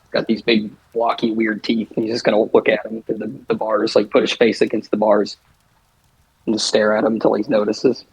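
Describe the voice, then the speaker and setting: A man playing a tabletop game, calmly describing what his character does. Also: fairly low pitch, brisk, slightly rough, no echo, poor audio. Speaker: player.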